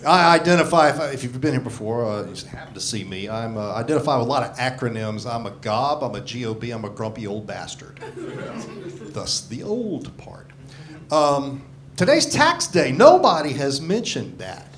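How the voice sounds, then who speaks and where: A man in his sixties doing a gruff, profane, self-mocking stand-up comedy set on a club stage. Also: medium pitch, very animated, moderate pace, a bit bright. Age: 60s. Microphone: handheld stage mic. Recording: live club recording with crowd laughter. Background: audience laughing.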